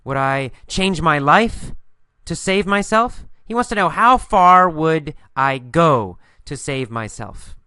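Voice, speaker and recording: A man teaching an English story lesson, asking simple questions and answering them himself, and repeating key words slowly for learners. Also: on the high side, expressive, bright, forceful tone, clean tone, no room sound, clean studio sound.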